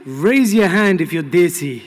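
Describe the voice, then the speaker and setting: A man, a panel guest, playful and teasing with quick asides. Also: a little high, animated. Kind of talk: live panel banter. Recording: reverberant hall mic.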